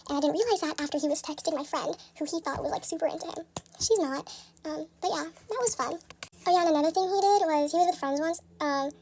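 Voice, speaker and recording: A young woman telling a casual storytime in a soft, subdued way, full of "like". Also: sits high, slight background noise. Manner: rambling, fills every pause with "like".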